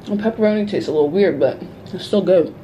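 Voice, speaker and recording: A woman's voice: mid-range voice, fast, dark tone, slight background noise, poor audio. A young woman vlogging on a trip, chatting casually and playfully with a friend. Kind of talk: casual travel vlog chat.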